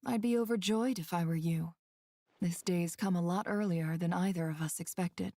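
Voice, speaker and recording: A woman's voice: fairly low pitch, normal speed, mellow, dry recording, studio quality. A wry, resolute female scholar. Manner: analytical, dryly witty.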